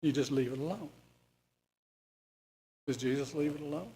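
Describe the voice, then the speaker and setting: A man's voice: on the high side, normal speed, mellow. A man leading a Bible study in a folksy, conversational way, putting questions to the class. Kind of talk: informal Bible study teaching.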